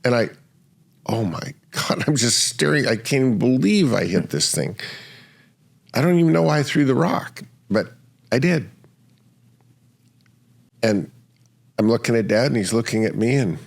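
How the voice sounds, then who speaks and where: A man's voice: mid-range voice, very animated, normal speed, gravelly, pauses often. A man in his sixties hosting a podcast, chatting casually and hesitantly with plenty of fillers as he shares a childhood memory. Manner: hesitant, conversational, with frequent fillers. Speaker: podcast host. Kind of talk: casual conversation.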